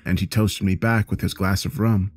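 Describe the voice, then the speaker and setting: A man narrating a first-person story with a steady, plain delivery. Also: low voice, normal speed.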